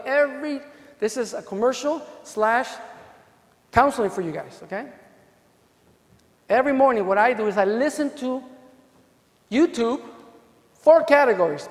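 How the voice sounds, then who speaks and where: A high-voiced man telling courtroom stories to a conference crowd, animated and casual with frequent asides. He speaks in a hotel ballroom, and the sound carries a long echo. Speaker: defense lawyer presenting at a legal conference. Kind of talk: storytelling conference talk. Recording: long echo of a large hall.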